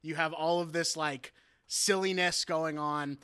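A man's voice: a little high, fairly even intonation, measured pace, sharp tone, clear, resonant tone. A man co-hosting a podcast, speaking wryly and directly to the listeners in casual chat. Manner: wry, addresses listeners directly. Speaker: podcast co-host. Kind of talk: casual film discussion.

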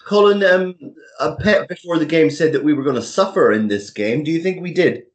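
Podcast host asking questions. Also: male voice, a little high, animated, fairly quick. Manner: leads with questions. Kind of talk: casual football chat.

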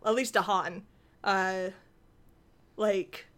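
A young woman co-hosting a podcast, chatting casually and breaking into quick, animated acted-out quotes. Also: mid-range voice, clear, resonant tone. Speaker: podcast co-host. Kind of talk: casual chat.

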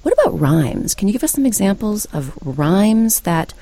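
A woman hosting an interview, asking probing questions in an expressive way. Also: mid-range voice, moderate pace, dry recording. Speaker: interviewer host.

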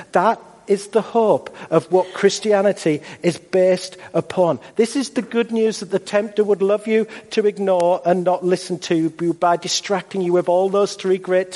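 Male pastor, high voice, emphatic sermon cadence, long hall reverb. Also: a little mellow. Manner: measured, emphatic, rhetorical repetition.

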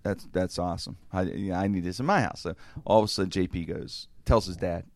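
A man with a low, gravelly voice tells a rambling story on a podcast. He swears freely and acts out each quote in the chat, recorded close and dry. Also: a little fast, no echo. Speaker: podcast host.

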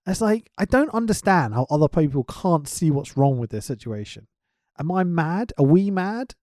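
Animated, profane man ranting. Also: a little high, moderate pace, dry recording, clean studio sound. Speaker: wrestling podcast co-host. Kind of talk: casual podcast chat.

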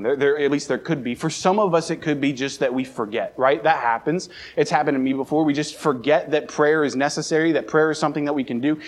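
A young adult man from the Baltimore area preaching a sermon, telling a personal story and acting out the scenes with a raised voice. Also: mid-range voice. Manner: animated, acts out scenes with raised voice. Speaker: pastor. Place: church sanctuary.

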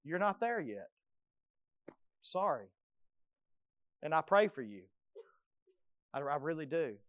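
A pastor preaching a sermon with passion, swinging between loud pleading and hushed intensity. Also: male voice, fairly high pitch, sing-song, slow pace, dry recording, studio quality.

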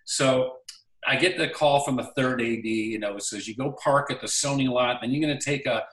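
A man spins a story from his acting career in a relaxed interview chat. He jumps into the quoted lines of the people in the story as he goes. The sound is roomy, as if he sits a little away from the mic. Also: medium pitch, a little fast, recorded from a distance. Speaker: actor guest. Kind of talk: casual anecdote storytelling.

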